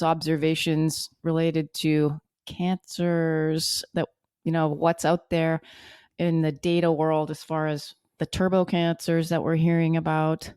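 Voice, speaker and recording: A woman's voice: low voice, level tone, unhurried, a little mellow, smooth, no echo. A woman co-hosting a podcast, chatty and playful, teasing her guests and asking questions. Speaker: podcast co-host. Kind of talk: casual chat interview.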